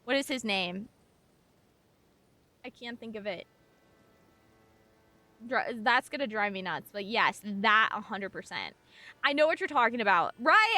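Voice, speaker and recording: Brief: young woman streamer from Montana, rambling chat full of fillers, slightly high and bright. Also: sing-song, unhurried, long pauses, no room sound. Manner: rambling, filler-heavy, chatty with viewers. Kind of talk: casual gaming stream chat.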